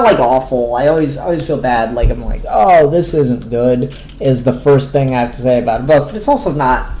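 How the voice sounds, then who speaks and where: A man's voice: fairly high pitch, a little mellow, a little hiss or hum. A man reviewing comics in a casual chat, rambling with lots of ums and restarts and casual swearing. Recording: echoey room with faint ambience.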